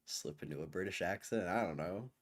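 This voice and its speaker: A man's voice: deep voice, a little fast. A man hosting a livestream, rambling and joking crudely while bored and waiting. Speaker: livestream host. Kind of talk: casual livestream chat.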